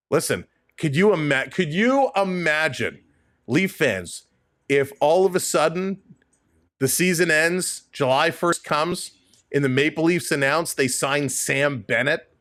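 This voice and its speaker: A man's voice: fairly high pitch, lively intonation, measured pace, fairly bright tone, no room sound, clean studio sound. A man hosting a live hockey stream, talking casually and emphatically, repeating points and answering chat messages. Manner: chatty, emphatic, repeats himself. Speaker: livestream host.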